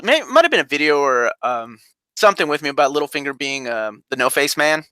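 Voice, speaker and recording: A man from Kentucky talks in an animated, swinging voice that sits a little high. His tone is bright and forward, and he swears freely while acting out quotes. The sound is dry and close. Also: brisk, clean tone, no room sound. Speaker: podcast co-host. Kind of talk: casual chat reviewing a TV episode.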